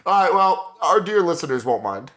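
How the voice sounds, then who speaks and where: A southern man with a slightly high voice for a guy, trading laid-back, self-mocking jokes as co-host of a comedy podcast. he talks at an easy pace and comes across relaxed rather than loud. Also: normal speed. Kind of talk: joking improv banter.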